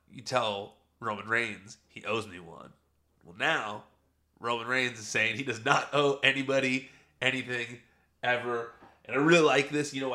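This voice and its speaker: Bright-voiced man chatting through a recap. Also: mid-range voice. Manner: chatty and enthusiastic, rambling asides. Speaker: wrestling show reviewer. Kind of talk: casual recap commentary.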